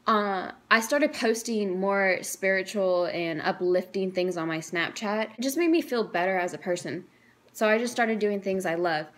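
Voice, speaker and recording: A woman's voice: mid-range voice, normal speed. Teen girl vlogger, heartfelt and chatty, emotional testimony to camera. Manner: earnest and emotional, chatty with frequent "like". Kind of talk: personal faith testimony to camera.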